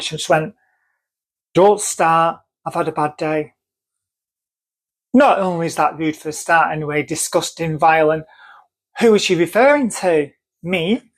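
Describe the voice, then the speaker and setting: A woman with a North Manchester accent telling a personal story to camera, earnest and emphatic, repeating phrases for stress. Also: lowish voice. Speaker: vlogger.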